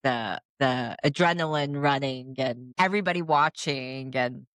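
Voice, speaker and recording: A woman's voice: extremely low pitch, a little slow, fairly bright tone, no echo, studio quality. A woman co-hosting a podcast in casual chat, asking questions hesitantly with many restarts. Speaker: podcast co-host.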